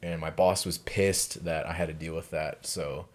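A man's voice: low-pitched, fairly even intonation, moderate pace. A man in his twenties casually telling a profane dorm story as a resident advisor, laughing often as he goes. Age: 20s.

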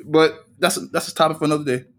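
A man's voice: a little high, steady tone, fast. Laid-back man chiming in briefly. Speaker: podcast guest. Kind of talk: casual podcast banter.

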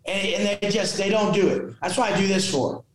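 A man who is a fitness and motivational coach, talking as a podcast guest in an intense, forceful way, swearing constantly and acting out the people he quotes. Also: high-pitched, a little fast, a crowd in the background. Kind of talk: intense profane motivational talk. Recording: very echoey room.

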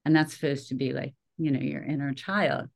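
A middle-aged woman hosting a podcast, telling personal stories in a lively way and laughing at herself. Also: rumbling low, fairly quick, creaky. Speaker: podcast host. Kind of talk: casual podcast conversation.

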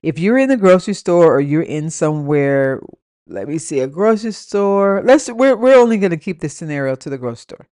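A young woman hosts her own podcast in a loose, ranting story-time manner. Her voice sits a little low, and she mixes blunt, profane advice with quick laughing asides. The sound is close and dry. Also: expressive, dark tone, dry recording. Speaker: podcast host. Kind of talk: casual rant and story time.

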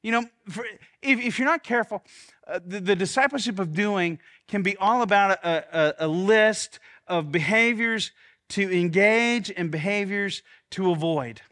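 A man's voice: high-pitched, moderate pace, a bit bright. A man preaching a sermon as pastor, earnest, often repeating words as he restarts, and leading the congregation in spoken confessions.

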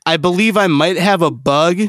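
A man's voice: fairly high pitch, normal speed, a bit bright, no room sound, studio quality. A man co-hosting a podcast, playful and crude in casual chat. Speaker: podcast co-host.

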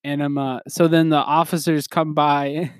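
A man's voice: on the high side, flat delivery, normal speed, dry recording, studio quality. A man hosting a podcast, rambling in casual chat, full of "like" fillers and chuckles. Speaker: podcast host.

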